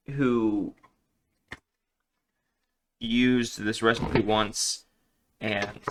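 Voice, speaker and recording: A man's voice: medium pitch, noisy background. A man chatting casually in a home kitchen while he cooks, rambling and joking about himself. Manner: rambling, self-deprecating, joking. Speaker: cooking vlogger. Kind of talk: casual cooking vlog.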